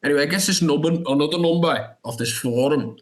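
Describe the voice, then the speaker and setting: A man's voice: a little high, quick pace, rough recording. A young man tells a long story as a guest on a podcast. He rambles through restarts and filler like "da da da", and he acts out his own reactions along the way. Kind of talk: animated anecdote storytelling.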